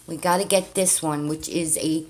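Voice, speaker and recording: A woman's voice: low voice, steady tone, moderate pace, background noise. A woman chatting casually to her viewers as she plays a scratch-off card, with mild cursing. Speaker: vlogger.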